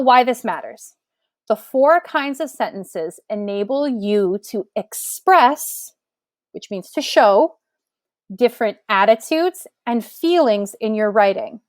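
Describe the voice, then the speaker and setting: A woman teacher giving a recorded grammar lesson, explaining clearly and patiently with example sentences. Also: a little high, a little mellow, no room sound.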